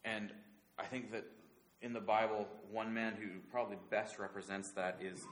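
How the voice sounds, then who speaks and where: A man preaching a sermon, earnest and halting, often restarting his words and dropping softer when he voices God's promises. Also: fairly low pitch, fairly even intonation. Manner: earnest, halting, many restarts, soft paraphrased quotes of God.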